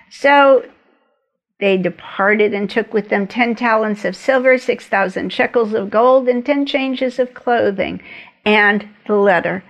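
A woman retelling a Bible story as a teacher, with lively, chatty asides. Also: a little high.

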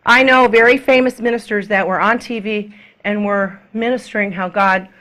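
A middle-aged woman minister preaching to a congregation in an animated way, acting out quoted people and sometimes dropping to a soft whisper. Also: medium pitch, normal speed.

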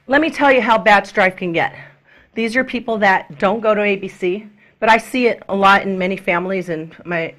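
A middle-aged woman minister preaching to a congregation in an animated way, acting out quoted people and sometimes dropping to a soft whisper. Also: medium pitch.

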